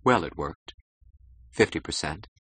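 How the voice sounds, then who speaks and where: Man doing a cool dry-witted wife, low and husky, unbothered. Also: a little slow, heavily acted. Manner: calm, dry and cutting. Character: cool, detached, ironic young wife.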